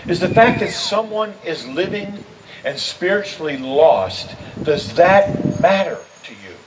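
A man's voice: high voice, a little slow. An older man preaching a sermon as interim pastor, earnest and building to emphatic appeals. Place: church sanctuary. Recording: distant mic with steady background noise.

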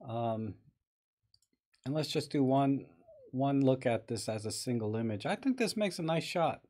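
A man's voice: mid-range voice, expressive, a little slow, darkish tone. A man hosting a live stream, talking casually and thinking aloud as he edits viewers' photos and greets people in the chat.

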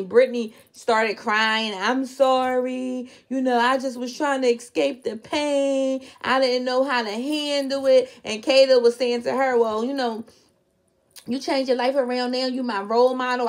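Woman reviewer; casual, blunt recap delivery in a fairly high voice, incredulous asides. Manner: chatty, blunt, incredulous outbursts. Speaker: reality show reviewer.

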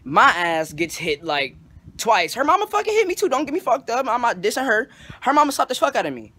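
A young man telling a story in a casual, animated and profane way, full of slang. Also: very high-pitched, a little fast. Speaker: storytelling vlogger.

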